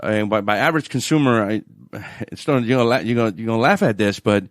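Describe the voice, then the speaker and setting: A man with a New Orleans accent, a financial adviser guest on a radio show, telling stories in an animated way and laughing often. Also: fairly low pitch, quick pace, dry recording, clean studio sound. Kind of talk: radio interview chat.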